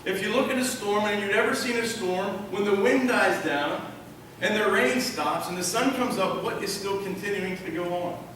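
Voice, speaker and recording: A man's voice: high voice, moderate pace, fairly bright tone, a little hiss or hum. A male pastor preaching a sermon, emphatic and repeating key phrases while asking the congregation questions. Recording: echoey hall from far off.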